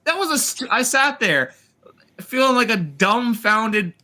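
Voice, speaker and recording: A man hosting a casual review chat, retelling scenes in an animated, sarcastic way with swearing. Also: very high-pitched, measured pace. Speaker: host reviewing a TV series.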